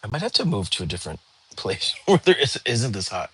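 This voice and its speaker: A tired young man, hosting a relaxed livestream and chatting with viewers from home. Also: on the low side, brisk, slightly rough. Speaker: livestream host. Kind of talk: casual livestream chat. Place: home, lying down.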